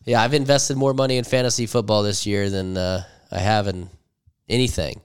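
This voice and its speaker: Smooth-voiced joking podcast guy. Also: on the low side, fairly even intonation, moderate pace. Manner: joking, profane, laughs often. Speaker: podcast co-host. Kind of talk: casual banter.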